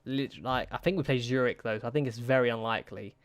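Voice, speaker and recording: Anxious and casual, a young gaming YouTuber comments on a football management game, pleading with his players and muttering to himself. His medium-pitched voice moves at a quick pace in a dry recording.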